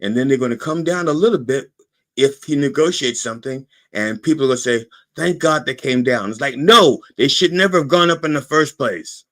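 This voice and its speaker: A man with an expressive, fairly bright, mid-range voice talks fairly quickly while hosting his own podcast. He delivers a sarcastic, profane political monologue, punctuating his points with "okay?".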